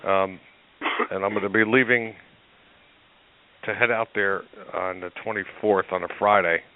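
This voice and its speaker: Give me a deep-voiced man chatting loosely as a guest, full of fillers. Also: clear, resonant tone. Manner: relaxed, rambling, many fillers. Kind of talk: casual chat. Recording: tinny phone-like audio.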